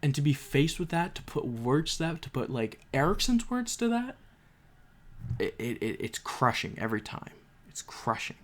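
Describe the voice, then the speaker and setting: A man's voice: fairly high pitch, expressive, normal speed. A young man giving a casual spoken book review, emotional and rambling, with frequent restarts and fillers.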